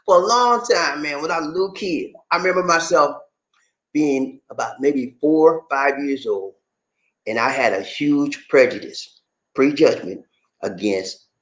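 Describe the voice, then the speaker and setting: A man hosting his own show, explaining things to viewers casually in an animated, playful way and teasing the audience. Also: fairly high pitch, normal speed. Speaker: host. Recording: echoey room.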